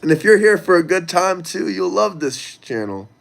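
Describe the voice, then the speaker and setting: High-voiced man hosting a livestream. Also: big pitch swings, moderate pace, creaky. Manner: loose, crude, talks straight to viewers. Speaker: livestream host reading chat. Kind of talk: casual livestream chat.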